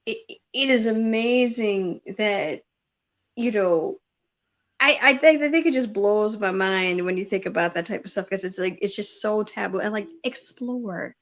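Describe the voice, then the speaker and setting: A woman hosting a podcast in casual chat, animated and profane, often laughing. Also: on the high side, unhurried. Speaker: podcast host.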